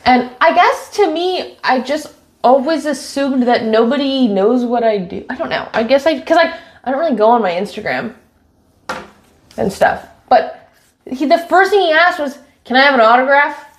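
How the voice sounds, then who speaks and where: Young woman streamer from Washington state, chatty, reads chat aloud, voice a touch high. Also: animated, normal speed. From Washington state, USA. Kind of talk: casual live-stream chat. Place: home, getting ready on stream.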